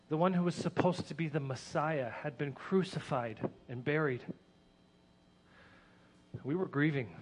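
A man with a voice on the high side tells a dramatic story in the first person. His narration is earnest and emotional, swelling with excitement at the tense moments.

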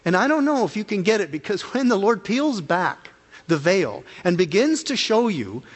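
A male associate pastor preaching a personal testimony, earnest and emotional, with big swings in pitch and force. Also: long reverb tail. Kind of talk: sermon testimony.

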